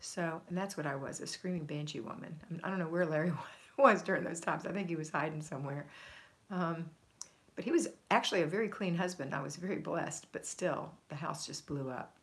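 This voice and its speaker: A woman's voice: sits low, brisk. A middle-aged woman hosting a homemaking livestream, reading viewer comments aloud and answering them with encouragement.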